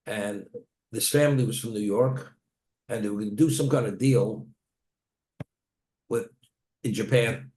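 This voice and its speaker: A man's voice: on the low side, a little slow, long pauses, darkish tone. A man, a rabbi, teaching a Torah class, telling stories and weaving in Hebrew terms. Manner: storytelling, Hebrew terms woven into plain talk. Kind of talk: Torah lecture. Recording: echoey room.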